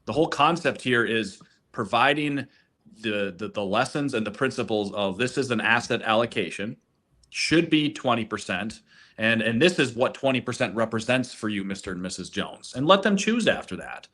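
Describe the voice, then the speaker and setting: Bright-toned persuasive gold consultant, a man. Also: medium pitch, lively intonation, moderate pace. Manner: persuasive, repeats words as he starts sentences. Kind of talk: webinar presentation.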